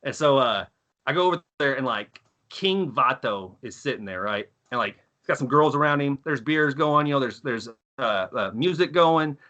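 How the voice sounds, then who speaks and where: A man in his thirties from Texas, telling stories on a podcast, profane and animated as he acts out quotes. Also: medium pitch, moderate pace. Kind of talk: casual storytelling chat.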